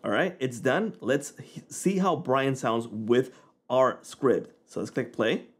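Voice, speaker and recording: Casual man walking through software. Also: medium pitch, slow, slightly rough. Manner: relaxed, conversational, informal. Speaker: software tutorial host. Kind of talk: casual screen-recording walkthrough.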